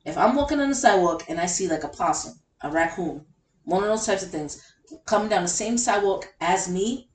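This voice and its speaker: A woman's voice: mid-range voice, lively intonation, fairly quick, distant mic. Woman telling a comic story, off-mic. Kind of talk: casual group chat. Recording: roomy, off-mic, some noise.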